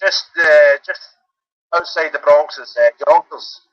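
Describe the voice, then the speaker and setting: A man's voice: fairly high pitch, fairly even intonation, measured pace, no room sound. Glaswegian man calling in, laid-back. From Glasgow. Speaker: caller. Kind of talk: casual phone-in chat. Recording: dull lo-fi phone call.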